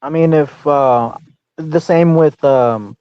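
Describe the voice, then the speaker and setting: A man debating casually, speaking haltingly with many fillers and restarts. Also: on the high side, smooth, no room sound, lo-fi sound.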